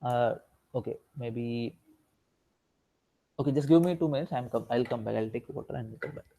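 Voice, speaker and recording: Guy teaching an online class, mellow low-key tone, keeps saying right?. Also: normal speed. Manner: rhetorical questions, frequent "right?" tag. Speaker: instructor. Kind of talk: online revision lecture.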